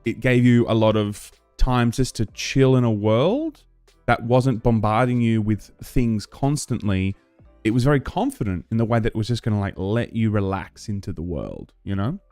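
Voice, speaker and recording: A man's voice: lowish voice, moderate pace, warm tone, clear, resonant tone, dry recording, faint music behind. A man from Australia hosting a live stream, chatting casually to his viewers with lots of fillers and restarts.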